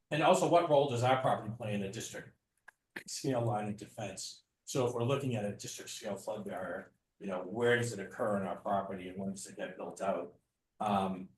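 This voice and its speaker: A middle-aged man with a low voice talks through a presentation at a community meeting, explaining casually with plenty of fillers. He sounds distant from the mic, with the room's echo and a faint noise behind him. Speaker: city planning official presenting.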